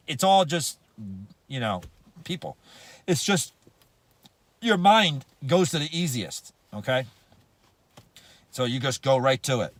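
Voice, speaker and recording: A man's voice: fairly high pitch, very animated, slow, pauses often, a bit bright, no room sound. A man giving a motivational business talk, emphatic and slangy, repeating phrases for punch. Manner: slangy, casual grammar. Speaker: network marketing speaker.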